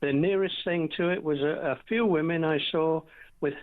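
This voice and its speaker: A man's voice: a little high, normal speed. A male caller speaks bluntly and matter-of-factly. He comes through a thin, tinny phone line. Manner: plain, blunt, matter-of-fact.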